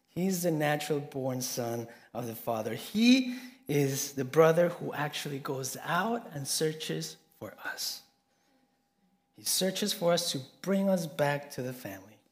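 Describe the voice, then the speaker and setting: Earnest man preaching a sermon. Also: fairly high pitch. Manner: earnest storytelling, swings from soft to emphatic.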